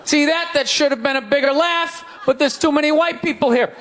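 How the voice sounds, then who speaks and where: High-voiced man ranting on stage. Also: fairly quick, a crowd in the background, background noise. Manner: loud, incredulous ranting. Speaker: stand-up comedian. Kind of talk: stand-up comedy.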